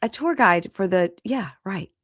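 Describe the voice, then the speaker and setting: A woman hosting a casual podcast, retelling a TV episode and acting out the quotes in animated voices. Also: mid-range voice, unhurried, no echo, studio quality. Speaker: podcast host. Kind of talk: casual recap chat.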